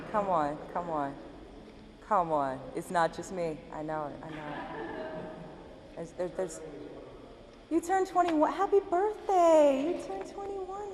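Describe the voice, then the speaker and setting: A woman slam poet at a live spoken-word reading, chatting casually with the audience and reciting in driving, repeated lines. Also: mid-range voice. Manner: talks casually and jokingly with the audience between poems. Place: university event hall before a live audience. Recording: live hall recording with long reverb and faint room noise.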